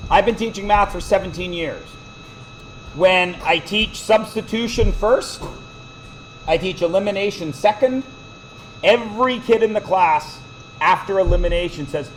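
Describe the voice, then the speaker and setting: Guy teaching math in a classroom, kinda high voice, fires off questions, little hum behind. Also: low-quality recording. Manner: jokey, quizzing students with quick questions. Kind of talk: classroom lecture.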